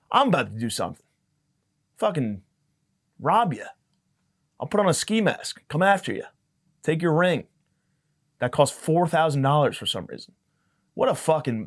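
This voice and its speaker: Young man, podcast host, comedic monologue, rambling, profane, jumps between tangents, average pitch. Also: sing-song, a little fast, long pauses.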